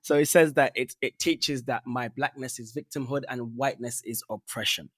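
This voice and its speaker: A man hosts a casual podcast interview, giving short nods of agreement and relaxed setups for his guest. His voice sits at a middle pitch, recorded dry and close. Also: normal speed, no room sound. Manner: brief affirming responses, relaxed. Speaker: podcast host.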